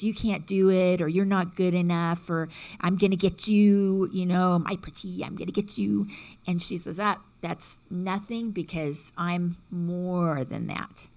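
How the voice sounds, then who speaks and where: Female teacher, casual talk, conversational and lower-pitched, checks in with listeners often. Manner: chatty, frequent "right?" checks, acts out quotes. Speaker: teacher explaining symbolism.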